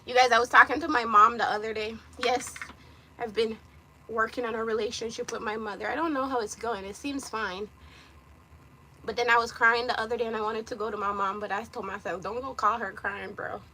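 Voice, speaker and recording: Loud jamaican girl chatting while she gets ready, high bright voice, cusses and teases a lot. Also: fairly even intonation, a little hiss or hum. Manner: loud, brash and teasing, quick to cuss. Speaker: vlogger. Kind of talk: casual live chat.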